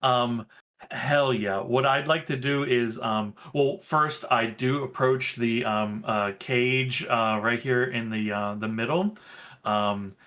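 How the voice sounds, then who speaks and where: A man taking his turn in a tabletop game, laying out his character's moves slowly and haltingly, full of ums and uhs. His voice is bright and forceful, and his pace is unhurried. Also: mid-range voice. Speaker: player.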